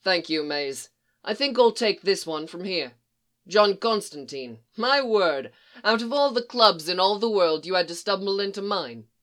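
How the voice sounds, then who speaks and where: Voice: mid-range voice, lively intonation, unhurried, a bit bright. A reader doing a suave, teasing devil. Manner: smooth, teasing. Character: suave, amused male devil club owner. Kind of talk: audiobook reading.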